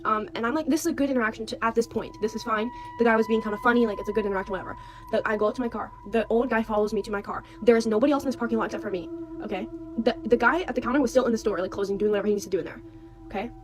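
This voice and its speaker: A woman's voice: a little high, fairly even intonation, rapid-fire, rough recording. A young woman, a university student, telling a personal story in an urgent, chatty way and often checking in with "okay?". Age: young adult. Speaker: storyteller in a clip. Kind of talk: casual storytime monologue.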